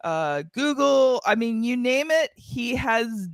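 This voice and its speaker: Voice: medium pitch, animated, slow, no room sound. A podcast host reading a guest's introduction and then chatting casually with him.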